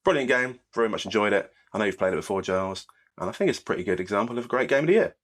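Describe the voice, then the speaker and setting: A man with a very deep voice talks eagerly as a podcast co-host. He strings his points together in long, loose lists. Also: animated, very fast, fairly bright tone. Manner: enthusiastic, summarising in long run-on lists. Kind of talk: casual podcast chat.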